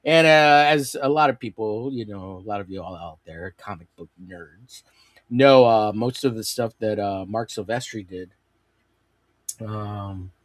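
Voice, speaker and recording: A man's voice: on the low side, no room sound. A man hosting a live comic-drawing stream, rambling casually and cracking crude jokes. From United States. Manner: rambling, crude joking, animated.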